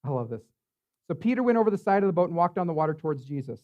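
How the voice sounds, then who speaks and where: Speaking very fast, a high-voiced pastor gives a sermon at his church in a chatty, relaxed way, leaning on fillers and checking in with listeners by asking "right?". The sermon comes through muffled and lo-fi.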